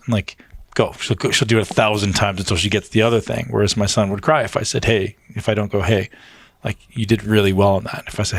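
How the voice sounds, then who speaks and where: A man's voice: on the low side, steady tone, fast talker, gravelly, a bit bright, breathy edge, no room sound. A man in a casual podcast conversation, talking emphatically, swearing freely and acting out what people say to themselves. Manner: emphatic, swears freely, acts out inner voices. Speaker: fitness coach being interviewed.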